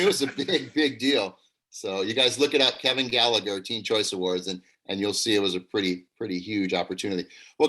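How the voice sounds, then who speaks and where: A man, an acting teacher, hosting a live improv show over a video call, upbeat and quick, laughing often. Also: medium pitch, sharp tone.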